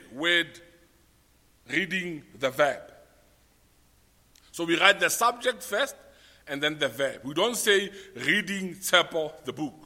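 A man's voice: a little high, sharp tone, long reverb tail. A man with a South African accent preaching a sermon, spelling out his points and repeating them for note-takers. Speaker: pastor.

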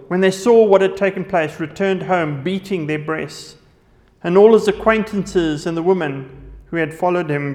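High-voiced preacher in a reverberant hall. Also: male voice. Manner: reads scripture aloud, then explains it with verse references. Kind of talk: sermon with scripture reading.

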